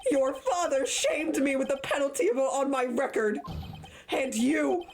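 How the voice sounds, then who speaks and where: A vengeful old man of the courtroom, arrogant and cold, as a woman reads him in a lowered voice. Game music plays clearly behind the voice. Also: measured pace, a little mellow, close to an everyday voice. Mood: furious. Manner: voice lowered for the character. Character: old male villain prosecutor, arrogant and vengeful.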